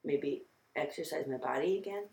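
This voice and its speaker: A woman's voice: low voice, moderate pace, gravelly, darkish tone, echoey room. A woman in her thirties, a podcast co-host chatting casually in a rambling, self-deprecating way. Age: 30s. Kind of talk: casual chat.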